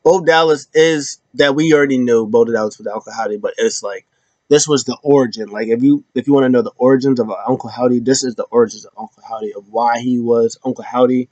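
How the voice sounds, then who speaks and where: Casual recap host, male, animated, slips into mocking voices, dull home mic. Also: fast talker, dry recording. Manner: animated, acts out quotes in high mocking voices. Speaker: wrestling show recap host.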